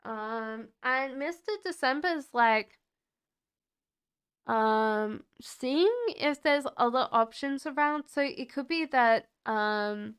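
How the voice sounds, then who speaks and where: A woman doing live-stream tarot readings, talking to chat viewers in a relaxed, chatty and reassuring way. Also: a little high, takes it slowly, clear, resonant tone. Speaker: tarot reader.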